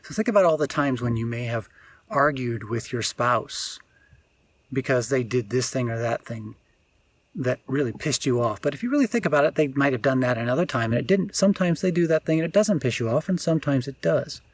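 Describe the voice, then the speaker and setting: Man, breathy husky voice, spiritual teacher, unscripted reflective talk, searches for words. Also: medium pitch, lively intonation, a little fast.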